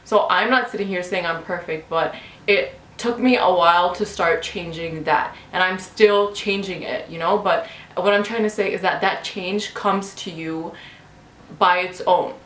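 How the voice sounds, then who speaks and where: A woman's voice: on the low side, a little slow, fairly bright tone, reverberant. A young woman tells a personal story to her viewers in a casual, chatty way, filling her speech with "like" and "you know.". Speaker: vlogger. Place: bedroom at home.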